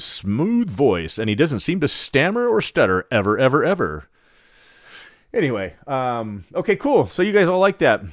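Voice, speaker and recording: Casting note: middle-aged man, homestead host, easygoing rambling live chat, mid-pitched, close dry mic. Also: no room sound. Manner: rambling, many ums and restarts, self-deprecating. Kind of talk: casual live stream chat. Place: home at night. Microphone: studio microphone.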